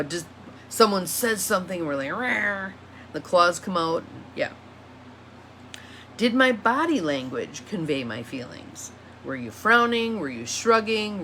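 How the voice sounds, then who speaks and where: Low-voiced woman coaching in a casual monologue. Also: a bit bright, slight background noise. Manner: reflective, reads questions aloud and repeats them. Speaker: empowerment coach.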